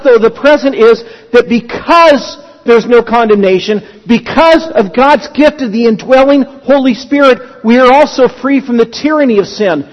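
A man with a high voice preaches a sermon in a church sanctuary. He tells stories in a loose, conversational way, often restarting phrases. The sound is dull and lo-fi, with a long reverb trailing his words. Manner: conversational storytelling with frequent restarts. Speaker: pastor.

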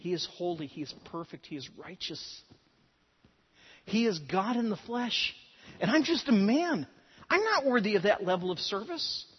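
Pastor, male, higher voice, delivering a sermon with dramatic emphasis; muffled, lo-fi recording. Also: very animated, moderate pace, slightly rough. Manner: earnest preaching with dramatic emphasis. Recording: dull sound with long hall reverb.

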